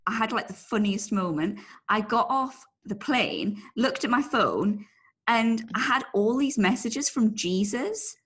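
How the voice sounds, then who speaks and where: A woman's voice: on the high side, expressive, measured pace, a bit bright, breathy edge. A woman hosting a podcast, chatting in a friendly, upbeat way and laughing along with her co-host. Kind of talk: casual chat.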